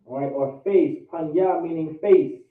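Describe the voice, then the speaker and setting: A man's voice: on the high side, measured pace. A man teaching a class, drilling vocabulary and pronunciation by repeating each word again and again, with an American accent, over an online call. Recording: tinny, echoey, distant call audio.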